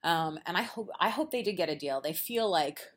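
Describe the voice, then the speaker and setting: Podcast host, woman, lively chatty storyteller, voice on the low side. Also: moderate pace. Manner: animated storyteller, acts out quotes, laughs often. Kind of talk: casual chat. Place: at a quilt show.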